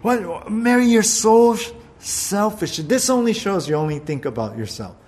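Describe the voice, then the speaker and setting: A preacher voicing a frustrated, overworked woman who complains in exasperated, rapid-fire questions. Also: high-pitched, sing-song, a little mellow, voice pushed up. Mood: scolding.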